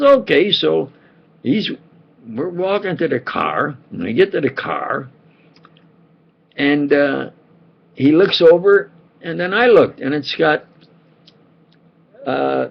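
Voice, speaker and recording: A man's voice: a little high, sing-song, takes it slowly, vocal fry, pauses often, husky. An older man telling a meandering personal story, full of fillers and restarts. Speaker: vlogger. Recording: dull lo-fi home recording.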